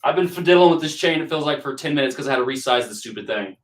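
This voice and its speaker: A woman's voice: sits low, expressive, fast talker. A woman hosting a casual live stream while building a bike, chatting with viewers in a teasing way and laughing often.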